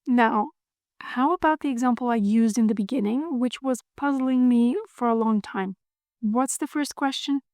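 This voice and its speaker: Woman, language teacher, playful, repeats drills, slightly high, dry close mic. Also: a little mellow, dry recording. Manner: playful, drills words slowly and repeats them. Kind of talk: scripted video lesson.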